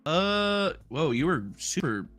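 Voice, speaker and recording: A man's voice: a little high, big pitch swings, takes it slowly, fairly bright tone, faint music behind. A man hosting a casual commentary stream, rambling, sarcastic and profane. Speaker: streamer host.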